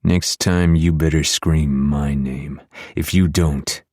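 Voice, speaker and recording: A man voicing a husky, cocky vampire lover. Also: steady tone, slow pace, darkish tone, no room sound, clean studio sound, exaggerated voice. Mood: teasing, seductive. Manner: low, teasing, intimate delivery. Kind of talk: audiobook dual narration.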